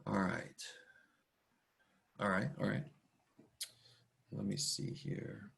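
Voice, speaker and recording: A man teaching a math class online in a casual, chatty, rambling way, often talking fast and poking fun at himself. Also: fairly low pitch, vocal fry, a bit bright. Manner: chatty, rambling and self-deprecating; talks fast much of the time. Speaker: math instructor. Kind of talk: casual online lecture to students.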